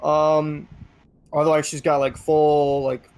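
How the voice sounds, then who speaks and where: A man's voice: fairly high pitch, little pitch movement, takes it slowly, darkish tone, clear, resonant tone. Man game master, hesitant narration. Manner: hesitant, lots of ums.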